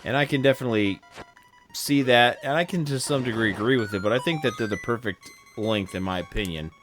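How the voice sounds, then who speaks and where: A man's voice: mid-range voice, brisk, fairly bright tone, faint music behind. A man hosting a game stream in casual chat, drowsy and yawning, rambling and correcting himself as he plays. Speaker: streamer host.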